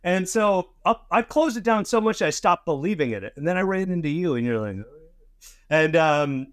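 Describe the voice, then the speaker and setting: A man talking casually with a guest, halting and searching for words with many ums. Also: sits high, expressive, clear, resonant tone, no room sound, studio quality. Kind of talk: casual conversation.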